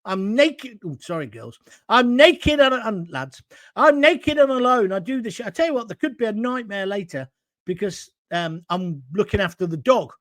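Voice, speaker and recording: A middle-aged English host of a live-stream show sits alone at home, bluntly ranting through viewer comments in a combative style with jokey asides. He has a high, fairly bright voice with lively intonation and normal speed, recorded dry at studio quality.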